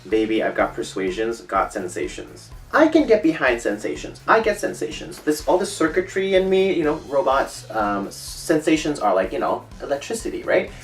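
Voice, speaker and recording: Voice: mid-range voice, big pitch swings, normal speed, hardly any pauses, echoey room, distant mic, soft background music. A comic speaker giving rambling, mock-offended in-character commentary and reading quotes aloud.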